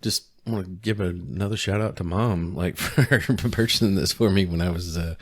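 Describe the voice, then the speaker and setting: A man's voice: sits low, fairly even intonation, normal speed, no echo. A middle-aged man co-hosting a podcast in casual chat, hesitant and full of restarts and fillers. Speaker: podcast co-host.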